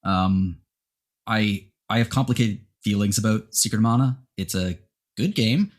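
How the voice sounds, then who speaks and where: A man hosting a podcast, chatting casually and giving rambling, animated opinions. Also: on the low side, moderate pace. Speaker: podcast host. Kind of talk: casual chat.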